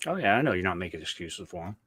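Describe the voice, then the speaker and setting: A man's voice: sits low, big pitch swings, rapid-fire, a bit bright, slightly rough, no echo. A man co-hosting a live stream, plain-spoken and supportive.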